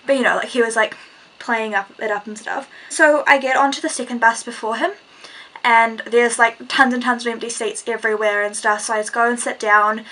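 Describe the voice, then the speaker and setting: Teenage girl, New Zealand accent, bright voice, slightly high, chatty, rambling storytime. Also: steady tone, a little fast, poor audio. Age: teens. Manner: chatty, rambling, lots of "like" and "and stuff". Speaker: vlogger. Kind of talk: casual storytime vlog.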